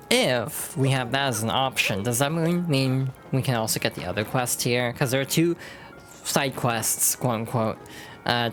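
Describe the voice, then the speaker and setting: Chatty woman streaming a game. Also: very deep voice. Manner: chatty, quick asides with laughs. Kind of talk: casual game commentary.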